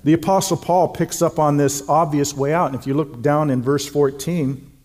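Middle-aged male pastor, sermon delivery, emphatic and earnest, a touch high-pitched. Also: steady tone, darkish tone. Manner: earnest, emphatic preaching with slow stressed phrases.

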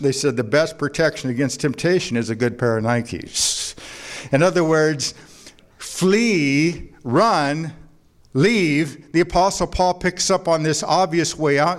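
A man preaching a sermon to a congregation, mixing scripture with jokes and anecdotes in a conversational way. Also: fairly high pitch. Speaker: pastor. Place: church before a congregation.

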